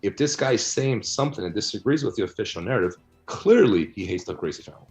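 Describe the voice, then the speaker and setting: A man's voice: lowish voice, animated, fast, a little mellow, soft background music. A man interviewed about his book, answering bluntly and argumentatively, often tagging his points with "right?" and "you know". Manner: blunt, argumentative, rhetorical asides.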